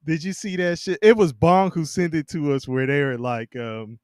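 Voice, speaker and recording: Man, podcast co-host, halting restarts, quick laughs, dry close sound. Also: a little high, fairly even intonation, darkish tone, no room sound. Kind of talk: casual sports chat.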